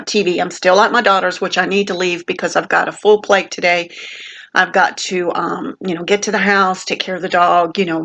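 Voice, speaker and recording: A woman's voice: medium pitch, a bit bright. Rambling grandmother vlogging while sick. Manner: rambling, heartfelt, many fillers and restarts. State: sick with a sinus infection. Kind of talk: casual rambling vlog. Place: indoors at a family home.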